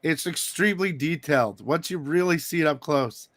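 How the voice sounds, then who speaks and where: A man hosting a casual interview about comic collecting, chatty and excitable, coughing from allergies. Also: fairly high pitch, normal speed. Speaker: host.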